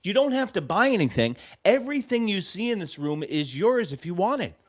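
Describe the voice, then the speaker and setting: A man's voice: sits high, big pitch swings, brisk, voice pushed up. A man putting on the voice of a polite, eager young woman staffer while telling a story.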